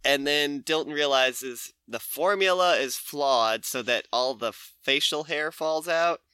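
A man's voice: fairly high pitch, slow pace, sharp tone, smooth, dry recording. A man hosting a podcast, casually recapping a comic and acting out the characters' lines with laughs. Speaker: podcast host.

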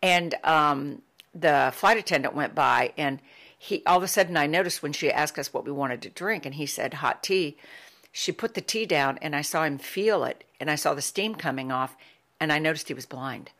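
A middle-aged woman giving an inspirational talk, telling heartfelt stories in an emphatic, warm storytelling manner. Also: low-pitched, moderate pace. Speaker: motivational speaker.

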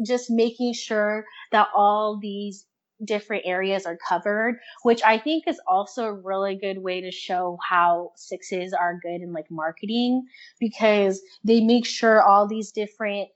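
A young woman in casual interview chat, talking fast and loosely, laughing often and acting out her own thoughts. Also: medium pitch, steady tone, highs cut off. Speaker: guest.

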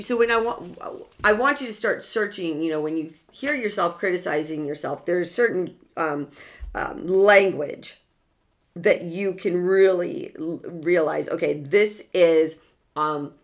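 A woman speaker in a self-help talk, earnest and direct. She circles back on key words and keeps asking her listeners questions before answering them herself. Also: on the low side. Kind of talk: motivational talk to an audience.

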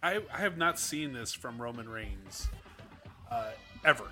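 A man's voice: mid-range voice, expressive, unhurried, pushed and bright, soft background music. A man co-hosting a casual wrestling podcast, rambling and asking questions. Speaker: podcast co-host.

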